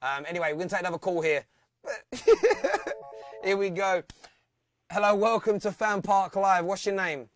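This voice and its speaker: A man's voice: high voice, fast talker, hardly any pauses, fairly bright tone, faint music behind. A man hosting a live football phone-in, chatty and teasing, laughing often. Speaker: phone-in host. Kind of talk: live fan phone-in show.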